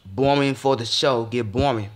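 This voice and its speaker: A man's voice: mid-range voice, normal speed. A young man ranting in a casual vlog, frustrated and swearing, with many stumbling restarts and repeated phrases. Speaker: vlogger.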